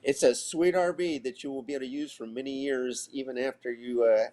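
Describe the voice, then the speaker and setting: A man's voice: mid-range voice, steady tone, brisk, mellow. A man co-hosting a casual remote podcast, chatty and storytelling, from Florida. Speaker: podcast co-host. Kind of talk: casual chat.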